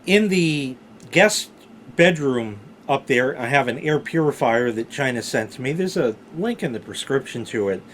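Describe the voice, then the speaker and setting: A man vlogger telling a personal story in a casual, profane way that grows animated and excited. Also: mid-range voice, slight background noise.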